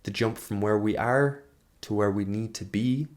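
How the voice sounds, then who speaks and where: A man's voice: fairly low pitch, normal speed, a little mellow. A man in his thirties giving a reflective monologue as host, earnest and searching, often trailing off and restarting. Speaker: podcast host.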